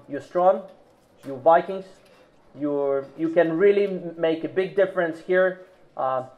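A man delivering a formal speech at a business forum in a hotel ballroom, hesitant, with restarts and measured emphasis. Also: fairly high pitch. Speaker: conference speaker. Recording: tinny phone-like recording.

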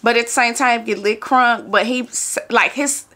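A woman in her forties chatting casually to viewers in her lifestyle vlog, animated and exclamatory with playful whoops. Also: on the high side, moderate pace. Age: 40s. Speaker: lifestyle vlogger.

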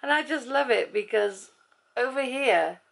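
A woman's voice: fairly high pitch, expressive, measured pace, vocal fry, a bit bright. A middle-aged woman from England chatting casually in her vlog, amused as she reacts to clips. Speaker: vlogger.

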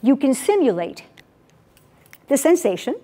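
A woman's voice: high voice, unhurried. A middle-aged woman coaching a live audience in a motivational talk, stressing key words by repeating them and coaxing listeners to join in. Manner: lively, coaxes the audience to join in. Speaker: public speaking coach. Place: event venue with an audience.

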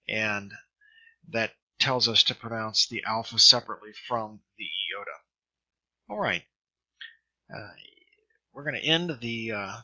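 A middle-aged man teaching in a recorded lesson, speaking slowly and carefully as he drills pronunciation. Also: mid-range voice, bright, forceful tone. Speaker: Greek teacher. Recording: dull lo-fi screen recording.

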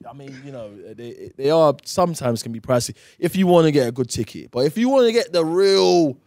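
A man's voice: fairly high pitch, expressive, brisk, a little mellow, dry recording, clean studio sound. A man with a South London accent, a guest chatting casually in a radio interview and rambling with lots of "you know". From England. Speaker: actor guest.

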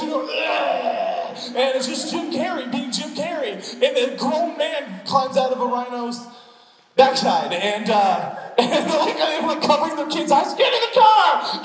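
A male pastor preaching a sermon, joking and acting out scenes in funny voices before going back to teaching. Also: very high-pitched. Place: church sanctuary. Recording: echoey hall, long reverb.

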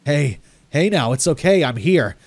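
A man voicing a calm young male camp counselor who reassures and speaks in a soothing but brisk way. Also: fairly high pitch, dry recording. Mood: reassuring.

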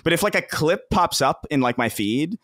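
A man's voice: fairly high pitch, expressive, normal speed, a bit bright, dry recording, studio quality. A man co-hosting a podcast in casual chat, rambling with many restarts and frequent laughs. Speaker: podcast co-host.

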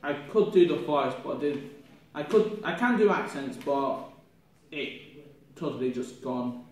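A young drama student, sounding ill and coughing, reflects aloud on his performance in a halting, rambling way full of restarts. His mid-range voice is expressive with a darkish tone. He's recorded from far off in an echoey room with faint noise.

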